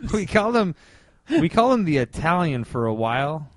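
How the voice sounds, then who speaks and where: A man's voice: on the high side, sing-song, brisk, no room sound. A man co-hosting a casual show, chiming in with chuckling asides. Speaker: podcast co-host. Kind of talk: casual chat.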